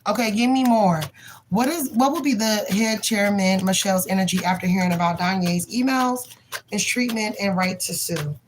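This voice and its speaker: Doing a live tarot reading, a young woman chats bluntly and swears as she reads out the cards, frequently laughing and speaking as the figures on them. Her mid-range voice keeps a normal pace, but the audio is poor, with slight hiss or hum.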